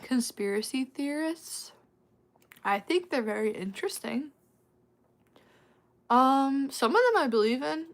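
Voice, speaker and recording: A woman hosting a casual livestream, chatting with her viewers, laughing often and tossing out quick asides. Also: high-pitched, lively intonation. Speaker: livestream host answering chat.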